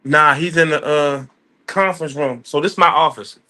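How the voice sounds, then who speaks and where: A man with a voice pitched a bit high rambles in relaxed street slang. He keeps restarting his thoughts. He is calling in from his office. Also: moderate pace. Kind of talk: casual chat. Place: office at work.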